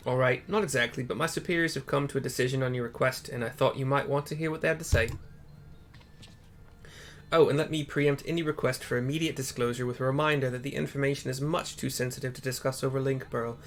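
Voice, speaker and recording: A formal male trade envoy speaking in ornate, wordy sentences, read aloud by a man playing through a game. The voice sits at a middle pitch. Each line comes out measured and polite. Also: fairly even intonation, a little hiss or hum, natural voice. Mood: brisk. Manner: formal, elaborate phrasing.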